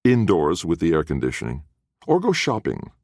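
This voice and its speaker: A man's voice: a bass voice, wildly swooping pitch, normal speed, gravelly, darkish tone, no echo, studio quality, heavily acted. A man doing a sardonic, teasing woman. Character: blunt, teasing worldly woman. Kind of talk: audiobook character voice.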